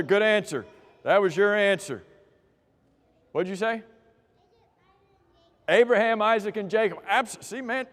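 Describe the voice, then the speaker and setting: A Bible class teacher with a high voice leads a church class through quiz questions, joking with those who answer and calling on them by name. A long reverb tail trails his voice.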